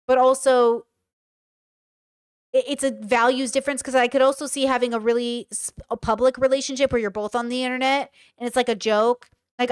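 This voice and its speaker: A woman's voice: a little high, smooth, no echo, studio quality. A woman streamer reacting to and reading out chat messages in a casual commentary style. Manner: casual, swears while reading.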